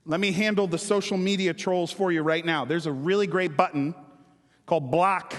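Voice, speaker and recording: A man's voice: a little high, in a large hall. A male pastor preaching a sermon in a conversational, joking way, asking the congregation questions.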